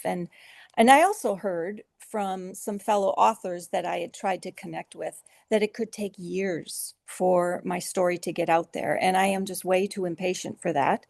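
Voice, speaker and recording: Gravelly-voiced woman author. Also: medium pitch, no echo, studio quality. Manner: earnest, emotional, with soft laughs and filler restarts. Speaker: author guest. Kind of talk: conversational interview storytelling.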